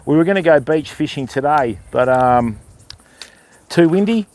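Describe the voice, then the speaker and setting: By a river outdoors, an older Australian man chats casually on a fishing livestream, answering viewers and calling them mate and bud. His voice is a little high and darkish, with lively intonation and a normal pace.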